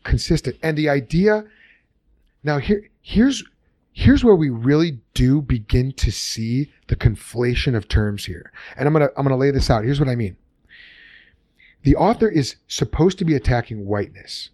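A man co-hosting a podcast, talking casually and thinking out loud with frequent restarts. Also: mid-range voice, moderate pace, dry recording. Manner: animated, thinks aloud with restarts. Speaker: podcast co-host. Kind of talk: casual discussion.

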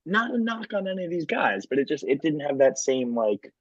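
A man's voice: on the high side, sing-song, brisk, dry recording, dull audio. A man co-hosting a podcast, chatting casually about sports and leaning on lots of filler words. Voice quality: frequent filler words and restarts. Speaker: podcast co-host.

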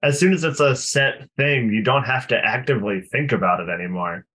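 A man's voice: mid-range voice, fairly quick, a bit bright. Wry man teasing on a podcast. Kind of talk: casual podcast chat.

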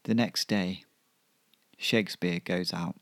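A man narrating a comic serial story in a deadpan, unhurried way. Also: sits low, dry recording.

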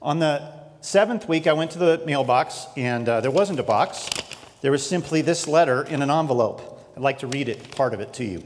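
A man preaching a sermon, telling a personal story in an earnest, animated way. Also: medium pitch, normal speed, big-room sound.

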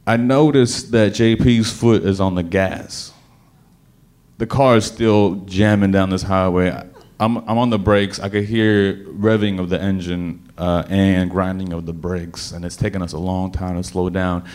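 A man telling a personal story to a live audience, animated, with stammering restarts and sudden bursts of emphasis. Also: sits low, measured pace.

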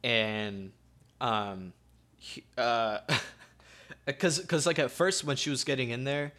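A man's voice: medium pitch, steady tone, slow, bright, forceful tone. A young man telling a story in casual chat, loose and slangy, swearing freely and leaning on fillers. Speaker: podcast co-host telling a story.

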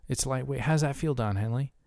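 A man's voice: mid-range voice, fairly quick, gravelly, dark tone, no echo, clean studio sound. A man co-hosting a casual podcast, ranting with heavy profanity. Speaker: podcast co-host.

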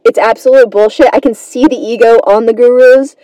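A woman's voice: fairly high pitch, fairly even intonation, fairly quick, mellow, no room sound, poor audio. A woman hosting a comedy podcast, telling a rambling, self-deprecating story in a casual monologue and swearing freely.

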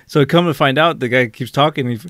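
A man's voice: mid-range voice, fast talker, a bit bright, no echo, studio quality. A man in casual conversation telling a funny anecdote, chuckling and swearing as he goes. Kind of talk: casual chat.

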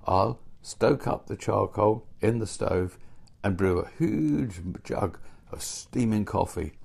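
A man voicing a gentle, kindly old shoemaker who sighs and speaks softly. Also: fairly low pitch, expressive, slow pace, vocal fry, husky, heavily acted. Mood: cheerful. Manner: sighing, soft-spoken.

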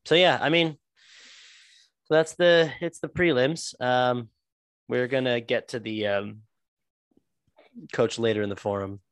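A man talking casually on a podcast, rambling and restarting his sentences, with plenty of swearing. His voice sits at an average pitch and is recorded dry and close, with no room sound. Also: fairly even intonation, clear, resonant tone, no room sound. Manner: rambling, profane, halting restarts. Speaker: podcast co-host.

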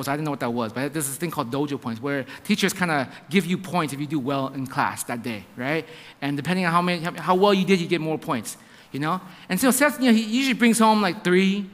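A man's voice: on the high side, a bit bright, big-room sound. A man in his thirties, a pastor giving a sermon in a church, telling a family story with lots of quoted dialogue and stumbling restarts. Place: church sanctuary.

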